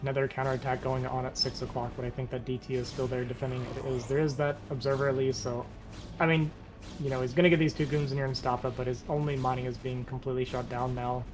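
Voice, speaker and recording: A man calls a live esports match in an even, monotone delivery. His voice sounds slightly worn and hoarse. Soft music sits faintly underneath. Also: mid-range voice, quick pace. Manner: self-described monotone, relaxed. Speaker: esports caster. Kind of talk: live game commentary.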